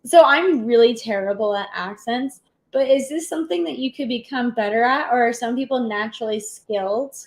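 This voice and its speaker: A woman's voice: a little high, brisk, rough recording. Bubbly Valley Girl woman host. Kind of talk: casual stream chat.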